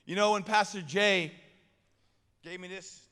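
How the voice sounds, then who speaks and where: A man giving an energetic motivational chapel talk, leading call-and-response with a crowd in a school hall. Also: high-pitched, unhurried, clean tone. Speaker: chapel guest speaker. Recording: echoey hall reverb.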